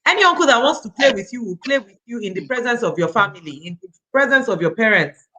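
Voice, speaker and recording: Nigerian lady author in her 30s, bright voice, earnest and animated, talking at an online book event. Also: fairly high pitch, fast, rough recording.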